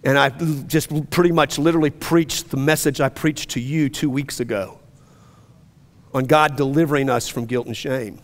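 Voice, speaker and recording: A man's voice: mid-range voice, steady tone, moderate pace. Man preaching in a reverberant church. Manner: storytelling, rising to loud passionate preaching. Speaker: pastor. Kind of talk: sermon. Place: church sanctuary. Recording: long reverb of a church hall.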